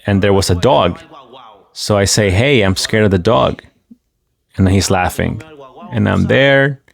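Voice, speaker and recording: A man with a low voice and a gravelly edge talks through a story for his viewers. He tells it in the first person as casual video commentary and keeps breaking off for quick asides to the audience. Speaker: commentator relaying a migrant's story.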